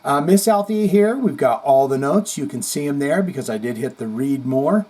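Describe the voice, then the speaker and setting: A man's voice: mid-range voice, animated, normal speed, warm tone, husky, rough recording. A man hosting a casual podcast, reading viewer comments aloud with chatty, rambling asides. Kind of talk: casual chat.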